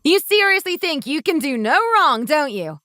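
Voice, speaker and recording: A woman's voice: sits high, big pitch swings, moderate pace, no echo, clean studio sound, faint music behind, exaggerated voice. A woman voicing a sarcastic young wife who talks back bluntly to her mother-in-law in a texting-story drama. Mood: mocking. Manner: sharp, mocking, blunt.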